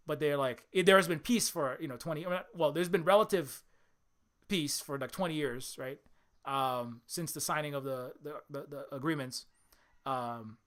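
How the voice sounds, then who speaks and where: Male video commentator, rambling delivery full of fillers, bright tone. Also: fairly high pitch. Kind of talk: casual film commentary.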